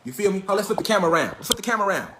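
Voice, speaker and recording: This online lecturer rants on a livestream through a phone or webcam, swearing, emphatic, repeating rhetorical questions. His voice is high-pitched and rapid-fire with lively intonation, and there's background noise.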